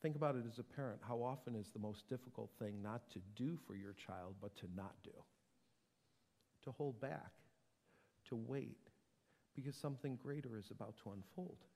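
A man preaching a sermon, dropping to a whisper and building to loud, emphatic passages. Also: medium pitch, normal speed, big-room sound. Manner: dramatic swings from whisper to loud. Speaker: pastor.

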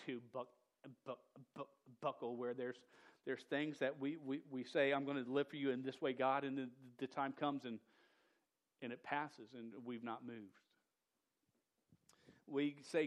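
A man preaching a sermon in a casual, slangy way, often stuttering and repeating the start of words. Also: mid-range voice. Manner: says "dude" and "y'all".

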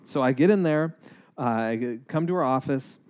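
A man's voice: mid-range voice, moderate pace. A man giving a personal testimony, telling the story in an earnest, conversational way. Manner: earnest, animated retelling with acted-out quotes.

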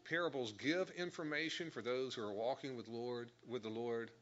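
Bright-voiced man teaching Scripture. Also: medium pitch, moderate pace, dull audio. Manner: explains verse by verse, stresses key words. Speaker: Bible teacher. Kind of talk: sermon.

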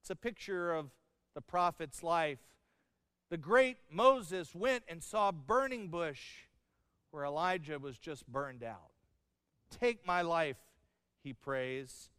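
A man's voice: on the high side, animated, slow pace, bright, forceful tone, smooth, no echo, studio quality, long reverb tail. A middle-aged man preaching a sermon, telling stories with humor and acting out the lines of the people in them. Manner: storytelling with humor and acted-out quotes. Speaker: pastor.

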